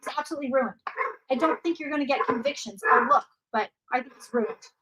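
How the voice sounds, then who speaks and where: A woman's voice: sits high, big pitch swings, fast, pushed and bright, a little hiss or hum, low-quality recording. A woman hosting a casual psychic livestream from home, chatting loosely, repeating herself and answering viewer questions. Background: dog barking.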